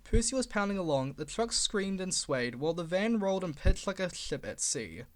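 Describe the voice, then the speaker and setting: A man reading a children's storybook aloud in a lively, expressive way. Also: high-pitched, normal speed. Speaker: reader.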